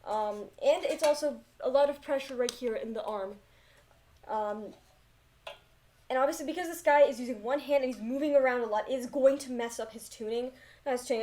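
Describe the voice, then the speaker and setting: A woman's voice: sits high, a little mellow. A young woman giving casual, rambling, self-deprecating commentary on a film, recorded on a laptop mic. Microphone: laptop built-in mic.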